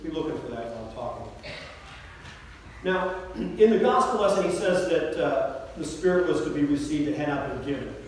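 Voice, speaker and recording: A pastor gives a sermon in a church sanctuary, preaching conversationally and putting questions to the congregation. His voice is on the high side with lively intonation at a moderate pace, picked up by a distant mic in the echoey church with slight background noise.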